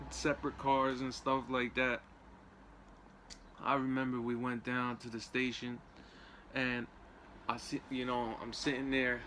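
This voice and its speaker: A young man, speaking at a mid-range pitch, tells his story in loose, casual street talk and leans on "you know" and "man." A faint hum of room ambience sits behind him. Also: a bit bright.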